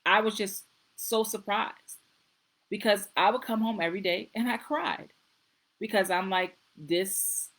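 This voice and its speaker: A woman's voice: medium pitch, fairly even intonation, measured pace, a bit bright, rough recording. A middle-aged woman, a nurse practitioner, hosting a casual live-stream talk, earnest and repeating herself as she goes. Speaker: host.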